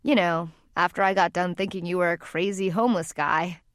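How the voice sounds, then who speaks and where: A woman's voice: lowish voice, steady tone, brisk, clear, resonant tone, dry recording, clean studio sound, lightly acted. A woman voicing a shy, curious teenage girl in an audiobook, speaking hesitantly. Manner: hesitant, slightly nervous speech. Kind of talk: audiobook character reading.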